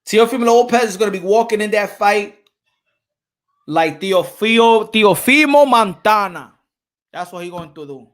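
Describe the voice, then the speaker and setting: Man, boxing vlog host, excitable, high-pitched, sharp bright tone. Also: moderate pace. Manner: excitable, hyped, laughing trash talk. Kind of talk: casual livestream chat.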